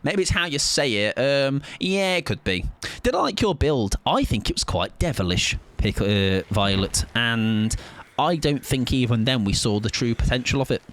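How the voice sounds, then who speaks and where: A man's voice: medium pitch, sing-song, normal speed, fairly bright tone. A man in his late twenties, streaming a game live and chatting with his viewers in a playful, argumentative way, repeating words to test them out. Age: late 20s. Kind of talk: casual live-stream chat.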